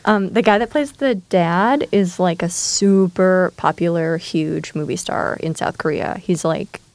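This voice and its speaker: A woman co-hosting a podcast about horror films, chatting casually and briskly summarizing the story. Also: lowish voice, creaky, a little mellow, no echo. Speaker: podcast co-host. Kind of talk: casual chat.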